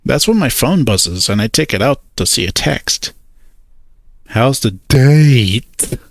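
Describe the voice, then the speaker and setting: A man's voice: medium pitch, big pitch swings, normal speed, creaky, a bit bright, no echo. A man narrating a first-person story, hesitant and awkward in his character's lines.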